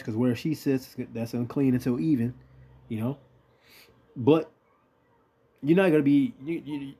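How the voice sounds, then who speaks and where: This preacher's voice is warm and medium-pitched. He walks through the Bible bluntly and casually, reading passages out loud, cursing without hesitation, and tossing out rhetorical questions.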